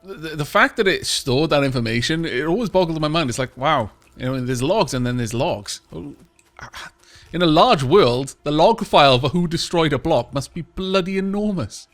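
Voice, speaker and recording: A man's voice: on the high side, expressive, moderate pace. A man chatting casually while playing a multiplayer game, playful and teasing, often laughing. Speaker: let's play host. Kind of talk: casual multiplayer gaming chat.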